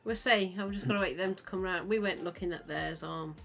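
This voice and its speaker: A woman's voice: lowish voice, brisk, vocal fry, a bit bright. Woman, podcast host, chatty, rambling, faint music underneath. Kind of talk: casual chat.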